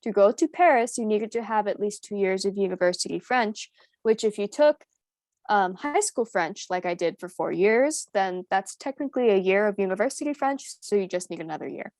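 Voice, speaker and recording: A young American woman chatting casually as co-host, animated and laughing as she switches between English and French. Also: medium pitch, normal speed, no echo. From United States. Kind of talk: casual chat.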